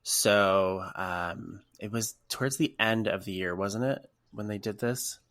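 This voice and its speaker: Man, podcast co-host, emotional animated storytelling, dry close mic. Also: lowish voice, unhurried, no room sound. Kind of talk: casual podcast chat.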